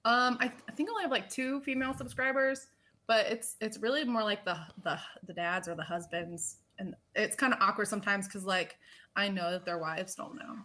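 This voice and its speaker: Chatty, bright-voiced woman telling stories. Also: mid-range voice, brisk. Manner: chatty storytelling with lots of "like". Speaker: podcast guest. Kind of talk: casual chat.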